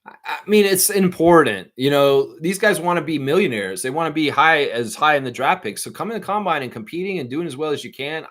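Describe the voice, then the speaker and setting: A man with a Southern accent hosting a casual live stream, rambling animatedly while reading and answering viewer comments. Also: medium pitch. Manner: animated, rambling, quotes imagined voices. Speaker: livestream host.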